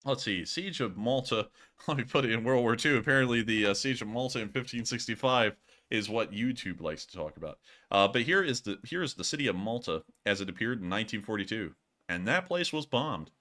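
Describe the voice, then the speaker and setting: Bright-voiced man hosting a live stream. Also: medium pitch, lively intonation, brisk. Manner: laughs often, loose joking banter. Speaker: host of a war news stream. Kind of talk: casual live-stream chat answering viewer questions.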